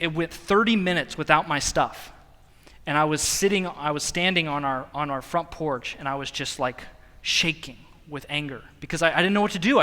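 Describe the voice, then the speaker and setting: A young man preaching, telling a story in a lively, self-mocking way with bursts of laughter. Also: on the high side. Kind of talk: sermon storytelling. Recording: long hall reverb.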